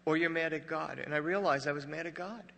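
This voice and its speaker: A man in his sixties, a pastor preaching a sermon and sharing a personal story with emotion, swinging from loud emphatic peaks to hushed grief. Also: a little high, fast, vocal fry, slight background noise. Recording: reverberant hall.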